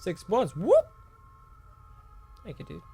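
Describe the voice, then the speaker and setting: Excitable higher-voiced male streamer. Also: takes it slowly, creaky, faint music behind. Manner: excitable, joking, thanks viewers. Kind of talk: live game commentary.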